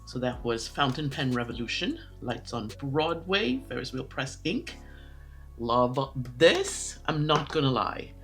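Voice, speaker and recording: A woman's voice: rumbling low, big pitch swings, a little slow, faint music behind. A woman talking casually to camera about her pens and inks, chatty and rambling, often correcting herself. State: out of breath. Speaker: pen and ink vlogger.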